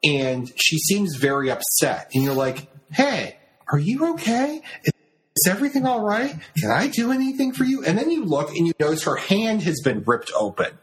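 A man hosting a casual chat who tells a story in an animated way and acts out the scenes. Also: high voice, normal speed, poor audio.

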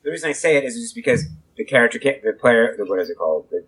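A man's voice: medium pitch, lively intonation, a bit bright, slightly rough, low-quality recording. Guy playing a tabletop rpg, keeps restarting mid-sentence, regular middle voice. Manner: halting, restarts while explaining. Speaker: player. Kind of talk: casual tabletop play.

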